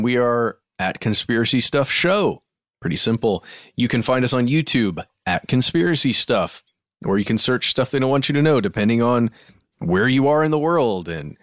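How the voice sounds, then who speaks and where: A man co-hosting a podcast in casual chat, jokey, with quick asides. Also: medium pitch, a bit bright, no echo, studio quality. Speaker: podcast co-host.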